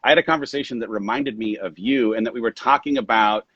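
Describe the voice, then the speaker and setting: A man's voice: mid-range voice, quick pace, fairly bright tone, slightly rough, no echo, highs cut off. A man hosting a live video call interview, asking questions and affirming his guest with enthusiasm. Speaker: host. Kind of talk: casual conversation.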